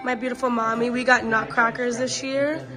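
A woman's voice: fairly high pitch, little pitch movement, normal speed, over music. A young woman filming a casual home vlog on her phone, bubbly and gushing as she shows her family gathering. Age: young adult. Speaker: vlogger. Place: busy family home indoors. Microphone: handheld phone camera.

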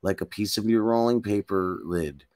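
A man's voice: lowish voice, normal speed, a little mellow. A man co-hosting a casual podcast, telling loose, joking stories full of swearing. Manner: profane, joking, storytelling. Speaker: podcast co-host. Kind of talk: casual podcast chat with tangents.

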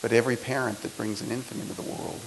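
A man in his sixties giving a motivational speech to students, his delivery swinging between loud emphasis and soft, intimate lines. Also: mid-range voice, steady tone, fast talker, slight background noise, low-quality recording. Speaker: speaker. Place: lecture hall.

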